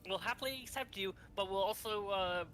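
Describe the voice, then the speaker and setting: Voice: medium pitch, a little fast, fairly bright tone. A speaker from Canada chatting casually during a game, teasing and laughing often. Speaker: gaming co-player. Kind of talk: casual chat while gaming.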